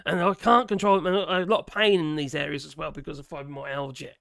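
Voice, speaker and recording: A man's voice: fairly high pitch, steady tone, brisk, gravelly, fairly bright tone, dry recording, studio quality. A man with a Norfolk accent and strained, worn vocal cords, ranting to camera in a casual vlog, swearing and giggling as he goes. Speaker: vlogger. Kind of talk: casual opinion rant to camera.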